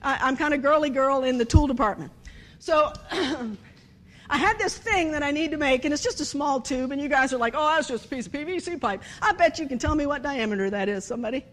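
High-voiced woman preaching with humor. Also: fairly quick. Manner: animated, storytelling, acts out dialogue, laughs often. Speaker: speaker at a church service. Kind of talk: humorous sermon with stories.

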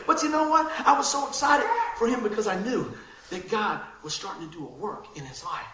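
High, bright-voiced preaching man. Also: fairly quick, slight background noise. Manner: lively, laughing, acts out quotes. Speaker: pastor. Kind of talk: sermon. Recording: roomy echoing hall sound.

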